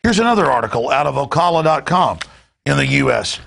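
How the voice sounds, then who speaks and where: A man's voice: medium pitch, sing-song, fairly quick, gravelly, fairly bright tone. A man hosting a talk show, delivering an emphatic and indignant political rant. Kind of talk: ranting political commentary.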